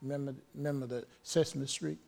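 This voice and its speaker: Fervent gravelly male preacher. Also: mid-range voice, steady tone, a little fast. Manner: fervent, call-and-response preaching with shouts of praise. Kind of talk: sermon.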